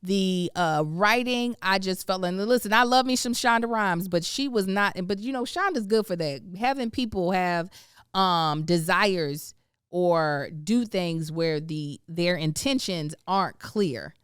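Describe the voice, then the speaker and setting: A woman hosting a casual podcast chat, expressive, laughing often and drawing out words for emphasis. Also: fairly low pitch, a little slow, clean tone, no room sound, studio quality. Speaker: podcast host.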